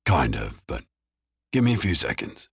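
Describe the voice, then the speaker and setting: A gruff, guarded detective who keeps his answers short, as a male narrator drops into a deeper register for him. The voice is very low and understated. The recording is close and dry. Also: big pitch swings, normal speed, fairly bright tone, no echo, exaggerated voice. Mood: easygoing. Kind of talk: audiobook character voice. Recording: dry close studio sound.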